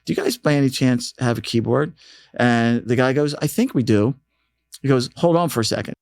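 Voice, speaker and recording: A man guesting on an interview, telling anecdotes in a casual, animated way and acting out the people he quotes. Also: mid-range voice, brisk, no echo. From United States. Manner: animated storyteller, acts out quoted voices. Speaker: radio programming manager, interview guest.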